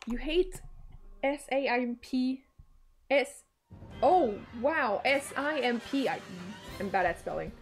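Swearing, joking woman streamer, native French speaker. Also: fairly high pitch. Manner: profane, joking, with sudden excited outbursts. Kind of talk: casual gaming stream chat.

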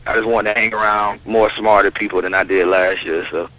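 A man's voice: fairly low pitch, fairly even intonation, brisk, sharp tone, low-quality recording. A man from Florida, a rapper being interviewed, talking in a laid-back way with frequent fillers. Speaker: rapper guest. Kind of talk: phone interview chat.

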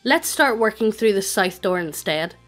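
A woman's voice: medium pitch, animated, normal speed, faint music behind, lightly acted. A synthetic woman's voice reading the lines of an impatient, exasperated rogue.

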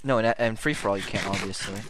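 A man's voice: lowish voice, fast, noisy background. A man joining as a guest player in casual gameplay chat, blurting out exclamations and joking about his own skill. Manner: exclamatory and self-deprecating.

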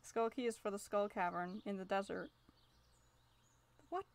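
A woman's voice: mid-range voice, unhurried. A woman streaming a video game, chatty and self-deprecating, swearing and answering chat. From Canada. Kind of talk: casual live-stream chat.

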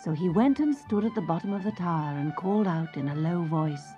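A woman narrating a children's fairy tale in a slow, expressive sing-song, dropping at times to soft whispers, on a lo-fi tape. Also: fairly low pitch. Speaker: storyteller. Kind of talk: scripted children's story narration. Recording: lo-fi tape with faint music.

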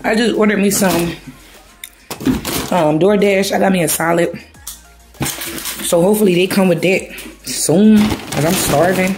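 A woman's voice: mid-range voice, unhurried, long pauses, background noise. Chatty woman vlogging at home. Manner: chatty, addresses viewers as y'all. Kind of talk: casual chat to camera.

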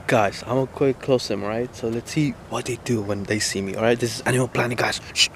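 Excitable young man vlogging outside. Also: medium pitch, fast talker. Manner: excitable, slangy, talks straight to viewers. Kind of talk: casual outdoor vlog chat. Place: outdoors by a waterfront in drizzle. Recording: outdoor phone audio with street noise.

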